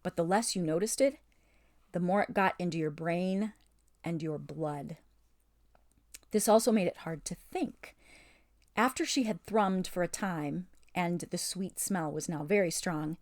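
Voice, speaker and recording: Slow, calm woman reading a storybook. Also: on the low side. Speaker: audiobook reader. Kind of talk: storybook read-aloud narration.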